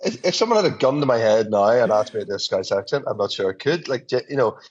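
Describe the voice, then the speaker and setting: A man's voice: mid-range voice, lively intonation, fast, dull audio. A man, an actor, chatting casually in an interview from his apartment, laughing easily and restarting sentences.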